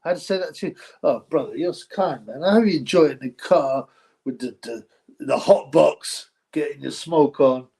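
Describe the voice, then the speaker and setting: Man, live-stream host, casual rambling chat, slightly high voice. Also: normal speed, creaky, warm tone, breathy edge. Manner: rambling, repeats phrases, effusively thanks donors. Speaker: livestream host reading donations.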